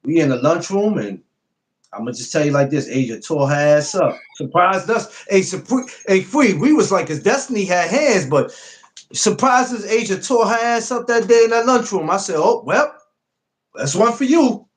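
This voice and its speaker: A man's voice: sits high, animated, moderate pace, poor audio. A man telling stories in a laid-back casual podcast chat. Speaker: podcast co-host.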